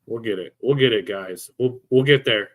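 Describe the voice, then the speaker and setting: A man chats casually on a live stream, muttering dry, sarcastic jokes while fumbling to fix his camera and the desk microphone he keeps adjusting. His voice is medium-pitched at a normal speed, and the audio is narrow and tinny.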